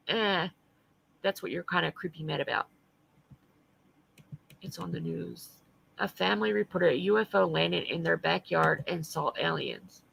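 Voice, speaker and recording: A woman's voice: fairly low pitch, vocal fry, sharp tone, rough recording. A woman streamer ranting in blunt, profane, heated commentary to her live chat. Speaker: livestreamer.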